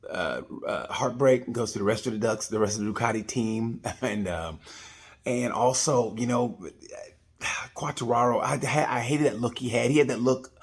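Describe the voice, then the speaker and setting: A man's voice: mid-range voice, moderate pace. A man hosts his own video review, talking casually and rambling a little as he goes. He is chatty and jokey, tossing in nicknames and side stories. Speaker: vlog host reviewing a race.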